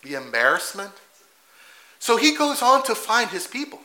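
A male preacher giving a sermon in church, animated, asking rhetorical questions and acting out quotes. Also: sits high, moderate pace, poor audio.

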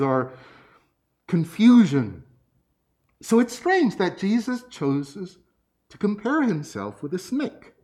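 A man preaching a sermon, telling personal stories. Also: sits high. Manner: lively storytelling, personal anecdotes.

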